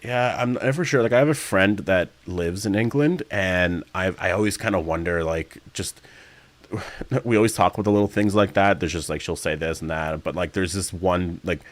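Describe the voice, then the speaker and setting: A man's voice: sits low, normal speed. A man chatting casually on a livestream Q&A, rambling through fillers and restarts, now and then yawning. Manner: rambling, chatty, frequent fillers and self-corrections; sometimes yawning mid-speech. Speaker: streamer reading live chat.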